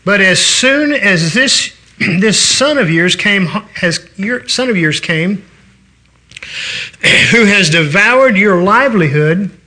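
A man's voice: high-pitched, animated, takes it slowly, pushed and bright. An older man preaching a sermon in a folksy, conversational way, telling stories and restarting his sentences.

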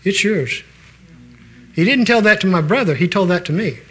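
A man's voice: high voice, lively intonation, fast, a bit bright, breathy edge. An older man preaching a sermon in a folksy, conversational way, telling stories and restarting his sentences.

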